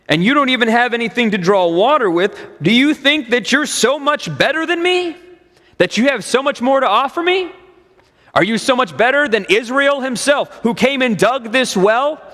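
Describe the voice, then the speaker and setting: A man's voice: extremely high pitch, fairly bright tone, in a large hall, exaggerated voice. A man voicing an indignant, wary Samaritan woman who fires sarcastic, incredulous questions.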